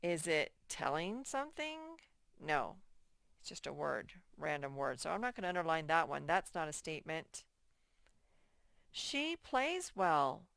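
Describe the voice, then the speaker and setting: A woman teaching a first-grade workbook lesson in a slow, patient way, repeating key points and reading example sentences aloud very slowly. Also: sits low, lively intonation, creaky, fairly bright tone, no echo, studio quality. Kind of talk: recorded workbook lesson for children.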